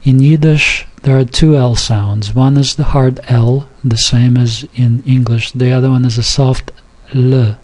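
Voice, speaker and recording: Slow, halting man teaching pronunciation. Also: mid-range voice, fairly even intonation, darkish tone. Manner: halting, many fillers and restarts, slow and careful; over-articulates example sounds and words. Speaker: Yiddish teacher. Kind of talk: informal recorded lesson, reading from a textbook.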